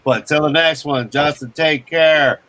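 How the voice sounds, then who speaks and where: A man in casual podcast chat, saying quick friendly goodbyes to his friends. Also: fairly high pitch, sharp tone.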